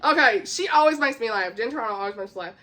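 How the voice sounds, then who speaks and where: A book vlogger with a Southern US accent races through her words in a slightly high, expressive, fairly bright voice. She chats eagerly about upcoming books, reading their blurbs aloud, stumbling and laughing at her own slips.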